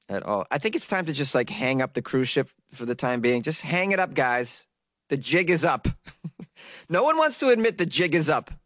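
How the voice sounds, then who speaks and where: A man's voice: medium pitch, a bit bright, no echo, clean studio sound. A man hosting a comedy news podcast, rambling jokily and often laughing at his own remarks. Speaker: podcast host. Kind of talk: casual comedic news commentary.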